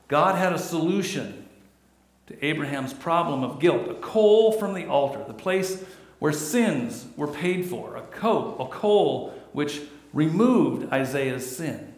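Middle-aged male pastor, somewhat high, gravelly voice, echoey room, earnest sermon. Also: expressive, unhurried. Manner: earnest, rising and falling preaching delivery.

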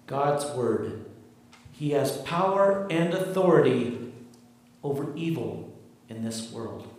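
A man preaches a sermon with emphatic, deliberate phrasing, his delivery unhurried. His fairly high voice rings through a very echoey church, picked up from some distance. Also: darkish tone. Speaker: pastor. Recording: very echoey hall, mic far off.

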